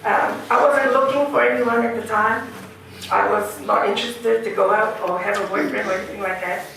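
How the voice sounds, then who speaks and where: Gravelly woman's eulogy. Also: mid-range voice, steady tone, normal speed, noisy background. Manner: heartfelt, laughing through memories. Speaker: widow giving a eulogy. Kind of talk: funeral eulogy speech. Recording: echoey hall, distant mic.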